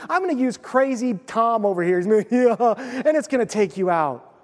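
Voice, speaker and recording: A man pastor preaching a sermon, telling the story with animated asides and acted-out voices. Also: extremely high pitch, fairly quick, in a large hall.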